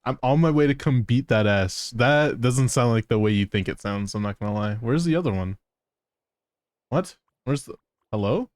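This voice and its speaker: A man's voice: medium pitch, expressive, moderate pace, darkish tone, dry recording, studio quality. Profane, teasing male game streamer. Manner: profane, teasing, laughs often. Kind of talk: casual live gameplay commentary.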